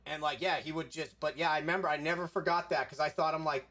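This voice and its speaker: A man's voice: on the high side, fairly even intonation, fast talker, bright, forceful tone. A young man from South Florida telling a rambling story in casual chat, leaning heavily on "like" and swearing casually.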